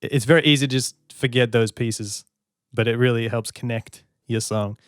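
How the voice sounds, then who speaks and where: A man's voice: mid-range voice, fairly even intonation, moderate pace, clear, resonant tone, dry recording, studio quality. A man giving music analysis commentary as a songwriter, stopping to sing lines and count beats to show his points. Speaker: songwriter reacting to an album.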